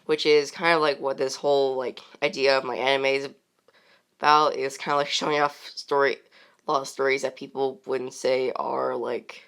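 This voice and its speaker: A woman's voice: very deep voice, flat delivery, moderate pace, gravelly, a bit bright, clean tone. A woman chatting casually and unscripted as a channel host, rambling with many fillers and frequent laughs.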